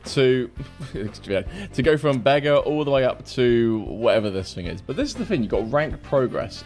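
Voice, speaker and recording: A man streaming a fighting game, reacting loudly, repeating himself and laughing often. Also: mid-range voice. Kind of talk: excited gameplay commentary.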